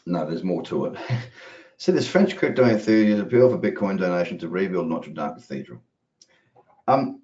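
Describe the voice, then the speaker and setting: Deep-voiced man, rambling market talk. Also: animated, moderate pace, darkish tone. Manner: rambling, chatty, casually profane. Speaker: trading educator. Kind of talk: casual live market commentary. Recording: roomy, dull lo-fi audio.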